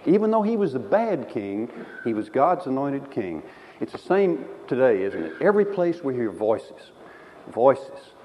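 A man preaching a sermon, telling the story with lively, animated delivery and acting out the voices. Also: medium pitch, measured pace, slight background noise. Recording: dull sound in a reverberant hall.

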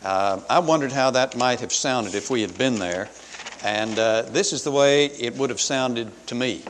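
A man's voice: medium pitch, slight background noise. Preaching man in a reverberant hall. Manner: earnest, measured preaching with pauses. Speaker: pastor. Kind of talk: sermon.

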